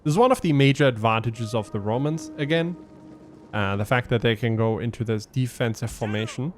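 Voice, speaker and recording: A man's voice: mid-range voice, fairly quick, faint music behind. A man giving casual gameplay commentary as a let's play host, thinking aloud and explaining his tactics with frequent ums.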